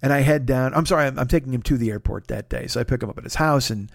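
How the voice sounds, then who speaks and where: A man's voice: medium pitch, rapid-fire, creaky, dry recording, studio quality. A man hosting a podcast, telling a rambling, profane, confessional story in a casual monologue. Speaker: podcast host.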